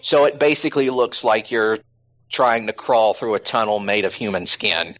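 A man's voice: lowish voice, moderate pace, a bit bright. Rambling man hosting a podcast, lo-fi. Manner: rambling, filler-heavy. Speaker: podcast host. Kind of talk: casual chat.

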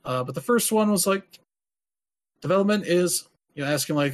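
A man's voice: on the high side, expressive, fairly quick. A man hosting a podcast, talking casually and rambling with lots of filler words. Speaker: podcast host. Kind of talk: casual chat.

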